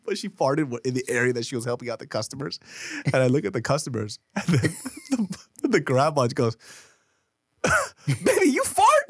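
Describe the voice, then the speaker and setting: Man, podcast co-host, casual chat, animated profane storytelling, dry close sound. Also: mid-range voice, brisk, breathy edge, no echo.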